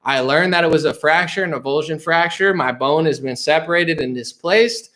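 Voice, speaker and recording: A man's voice: a little high, moderate pace, fairly bright tone. A man hosting a casual political live stream, reading viewer comments aloud and answering them in a loose, rambling way with frequent restarts and dismissive asides.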